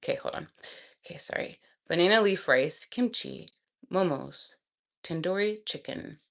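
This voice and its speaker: A woman vlogger chatting casually and thinking aloud, excitable and quick to laugh. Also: fairly low pitch, vocal fry.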